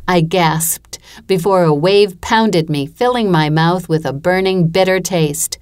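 As an audiobook narrator, a woman reads a first-person story aloud in a measured, even storytelling style. Her voice is fairly low, clear, and resonant.

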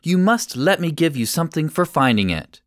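A man reading an audiobook, voicing a village woman who is quick to accuse and interrupt. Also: a little high, big pitch swings, no echo, studio quality. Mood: grateful. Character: upset village woman, sharp then grateful.

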